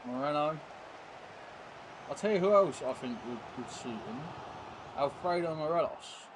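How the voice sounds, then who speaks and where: A man's voice: a little high, expressive, a little slow, noisy background. Chatty man streaming a game. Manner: rambling, chatty, full of tag questions. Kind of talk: casual chat while live-streaming a football video game.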